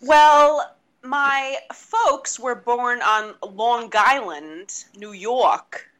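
A woman's voice: a little high, very slow, fairly bright tone. A woman who grew up near Boston, co-hosting a casual podcast chat and talking at length. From Boston area, Massachusetts. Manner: chatty, explains at length. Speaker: podcast co-host.

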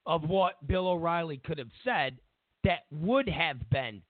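Male talk host, high voice that swoops around, mocking rant, dry phone-like sound. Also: expressive, measured pace, no room sound. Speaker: show host. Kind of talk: opinionated political commentary. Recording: tinny phone-like dry audio.

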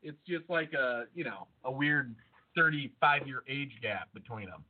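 A man co-hosting a podcast in loose, excitable chat, swearing and spinning wild theories. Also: medium pitch. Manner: excitable, swearing, quick to speculate. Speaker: podcast co-host. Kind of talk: casual chat. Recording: phone-like narrow sound.

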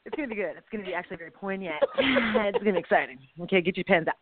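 Brief: fast, lively middle-aged woman co-host, tinny phone-quality sound. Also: a loud crowd. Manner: bubbly, animated storyteller with big swings in pitch. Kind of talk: casual faith chat with comedic storytelling. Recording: dry, tinny phone-like audio.

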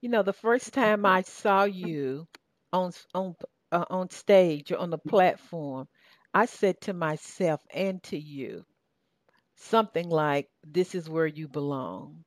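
A woman's voice: lowish voice, slow pace, no echo. Southern-accented woman host, dry close sound. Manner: warm, effusive praise, repeats words. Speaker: podcast host. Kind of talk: interview conversation.

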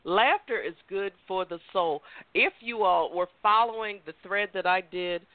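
A woman host chats and tells stories with lots of animation and quick laughter. Her voice comes through a tinny, phone-like line that sounds dry and close, with no room around it. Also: mid-range voice, dry recording. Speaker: talk show host. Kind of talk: casual chat. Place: Maryland.

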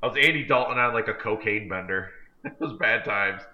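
A man's voice: fairly low pitch, fairly quick. A man co-hosting a podcast, telling a long self-deprecating story in a rambling, casual way. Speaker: podcast co-host. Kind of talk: casual chat. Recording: dull lo-fi recording.

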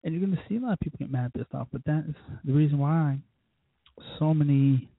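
A man tears into politics on his own show, swearing constantly. His voice sits a little high and husky. The sound is dry and thin, like a phone line. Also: a little fast, no room sound. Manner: heated, cursing, mocks others in put-on voices. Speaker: show host. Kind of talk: profane political rant.

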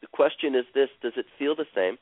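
Calm man guiding a healing session. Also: medium pitch, no echo. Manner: slow, soothing, repeats phrases. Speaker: healer guiding a caller on a radio show. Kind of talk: guided emotional healing session. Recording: dry, tinny phone-like radio sound.

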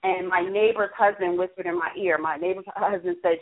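A woman telling a personal story as a talk-show guest, halting and repeating words, quoting herself and others as she goes. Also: lowish voice, fairly even intonation. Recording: phone-line audio.

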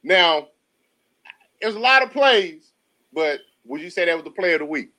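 A man co-hosting a casual football talk show in a high, lively voice that swoops up and down. His tone is bright and sharp. He talks in easy slang and breaks into laughter often. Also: normal speed. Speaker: podcast co-host. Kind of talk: casual sports chat.

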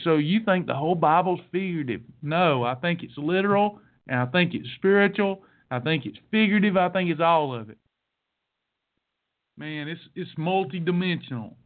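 A man hosting a podcast, coaching listeners on a diet program in a fervent, repetitive, sermon-like way. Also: sits high. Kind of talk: preachy motivational monologue. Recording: tinny phone-like sound.

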